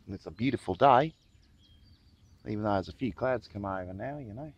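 A man's voice: fairly low pitch, a little fast, breathy edge, no echo, dull audio. A man putting on a playful mock Australian accent, rambling with lots of fillers, outdoors in the countryside. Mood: jokey. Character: jokey sunny Australian bloke, chatty and relaxed.

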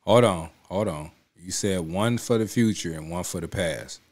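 Low-voiced man giving emphatic commentary. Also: moderate pace, darkish tone. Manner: emphatic, repeats himself, keeps saying "you know what I'm saying". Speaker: reaction video host. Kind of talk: casual spoken commentary.

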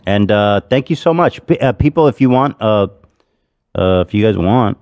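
A man's voice: fairly low pitch, animated, moderate pace, a little mellow, no room sound, highs cut off. Laughing, chatty male podcast host. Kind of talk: casual chat.

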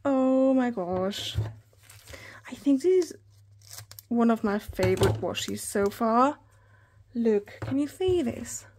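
A woman in her thirties chatting through an unboxing haul, gushing and excitable, often talking straight to her viewers. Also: fairly high pitch, slow, long pauses, a little hiss or hum. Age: 30s. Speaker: planner hobby vlogger.

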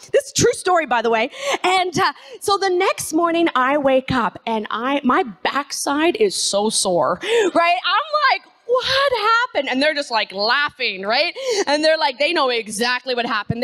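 A woman preaching an energetic sermon, calling on the congregation to repeat phrases after her. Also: sits high. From Canada. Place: church sanctuary.

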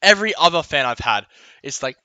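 A man's voice: fairly high pitch, expressive, brisk, pushed and bright, no echo. A man ranting comically in a vlog, with exaggerated outbursts and yelps, recorded close and dry. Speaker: vlogger. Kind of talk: comedic rant vlog.

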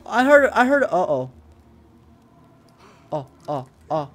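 A let's-play gamer offers casual commentary, bursting into excitable, jumpy reactions and swearing while talking to himself and the game character. His voice is medium-pitched, slow, and full of pauses.

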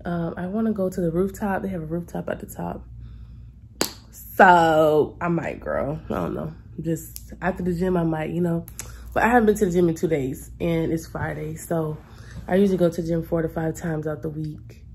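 Young woman vlogger, lowish voice, chatty and exasperated storytelling, faint background hiss. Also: a little fast, gravelly. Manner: animated, exasperated retelling with colloquial asides. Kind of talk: casual storytelling to camera.

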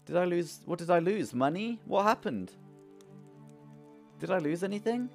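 A young man streaming a farming game, who swings from loud outbursts to low muttering. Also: animated, normal speed, vocal fry, soft background music. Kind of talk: live gameplay commentary.

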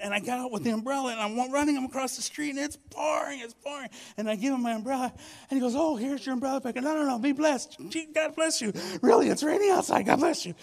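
A man preaching a sermon as pastor, telling stories with repeated phrases and swinging between loud and soft delivery. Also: high-pitched. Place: church sanctuary.

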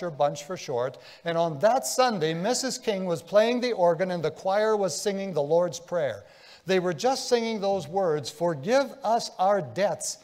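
Man pastor giving a sermon, kinda high voice, goes soft then really fired up, big echoey church sound. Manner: storytelling, swinging between hushed and impassioned. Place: church sanctuary. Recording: long church reverb.

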